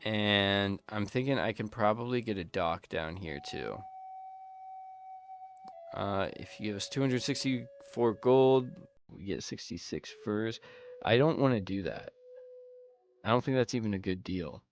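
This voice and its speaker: A man's voice: lowish voice, lively intonation, a little slow, faint music behind. A man giving casual let's-play commentary, rambling and thinking aloud as he plays. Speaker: gameplay commentator.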